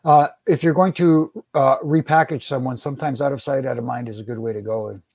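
A man telling animated stories in a casual podcast chat about wrestling. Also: mid-range voice, brisk, creaky, no room sound, clean studio sound. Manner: storytelling, animated anecdotes with acted quotes.

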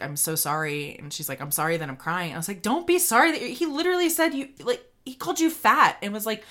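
Lively bright-voiced woman podcaster. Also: mid-range voice. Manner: animated storytelling with frequent laughter. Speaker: podcast co-host. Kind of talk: casual chat.

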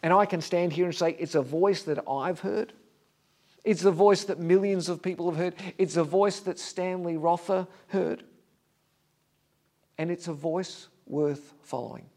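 A male pastor preaching an earnest sermon, dropping to a hush on key lines. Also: high voice, a little slow. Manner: standing before a congregation.

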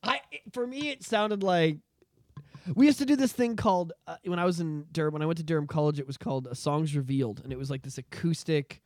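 A man's voice: fairly high pitch, brisk, a little mellow, dry recording, clean studio sound. A young adult man from Canada, hosting a podcast and ranting in casual, profane political chat with lots of repetition. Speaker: podcast host.

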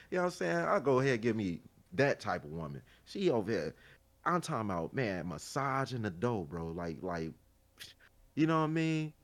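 Profane, animated Chicago man talking. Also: mid-range voice. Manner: animated, profane storytelling with slang. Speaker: podcast co-host. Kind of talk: casual chat.

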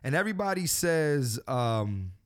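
A man's voice: mid-range voice, very animated, measured pace. A man hosting a casual podcast, talking in a profane, preachy and joking way. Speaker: podcast host.

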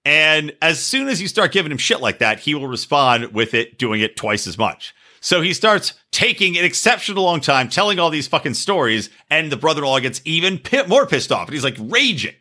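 A man hosting a podcast, telling a crude story in an animated way and shouting when he acts out quotes. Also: a little high, fairly quick, hardly any pauses. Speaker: podcast host.

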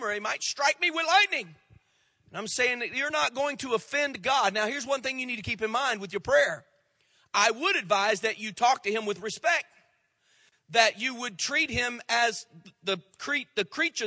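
A man preaching a sermon as pastor, folksy and emphatic, slowing down to stress the words he quotes. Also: very high-pitched, sharp tone, no room sound, in a large hall.

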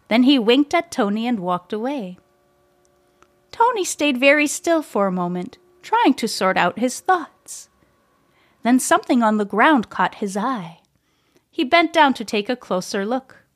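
Female storyteller, gentle and measured storybook reading, fairly high voice. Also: sing-song. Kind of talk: storybook narration read aloud.

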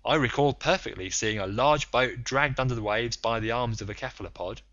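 A man reading aloud, voicing a calm manservant who speaks in a deadpan, matter-of-fact way. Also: mid-range voice, a little fast, lo-fi sound, natural voice. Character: calm, unflappable male manservant.

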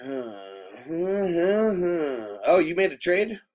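A man's voice: sits high, animated, takes it slowly, a little mellow. Laid-back man hosting a draft show. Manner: easygoing, laughs often, reads out chat comments. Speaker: podcast host running a fantasy draft. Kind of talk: casual chat.

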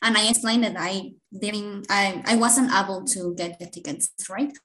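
A woman's voice: mid-range voice, normal speed, fairly bright tone. Emotional, rambling woman in an echoey room. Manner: emotional, rambling, laughs often. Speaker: podcast co-host. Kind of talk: casual chat.

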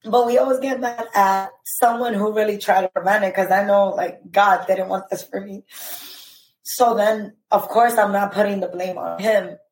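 A woman telling a painful personal story as a podcast guest, emotional and halting, with many fillers. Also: mid-range voice, steady tone, a little mellow, roomy sound, low-quality recording.

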